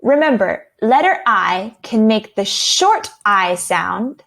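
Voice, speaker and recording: A woman teaching a children's phonics lesson, speaking clearly and repeating each sound several times. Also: mid-range voice, very animated, slow, hardly any pauses, fairly bright tone.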